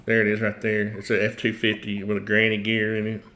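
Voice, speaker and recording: A man's voice: lowish voice, completely flat delivery, quick pace, pushed and bright. A middle-aged man with a Tennessee accent hosting a casual livestream, rambling, chuckling and trailing off mid-sentence. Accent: Tennessee Southern US. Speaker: host.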